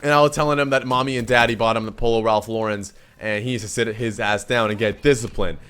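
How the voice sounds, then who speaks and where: A man's voice: mid-range voice, fast talker, clear, resonant tone. Young Canadian man telling a story. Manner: animated, swears freely, acts out quoted lines. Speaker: vlogger. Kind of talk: casual storytelling to camera.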